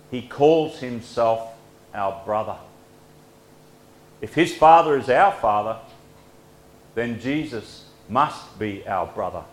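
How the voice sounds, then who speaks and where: A man delivers a devotional sermon in a slow, gentle and earnest manner. His phrases often sink softly at their ends. The recording has a noticeable roomy echo. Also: mid-range voice. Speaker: preacher.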